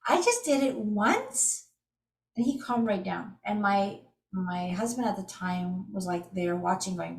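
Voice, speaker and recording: Her voice sits in the mid range, a little slow and creaky, captured far from the microphone in an echoing space. The middle-aged speaker is teaching energy healing in an eager, relaxed storytelling style, peppered with animated side remarks.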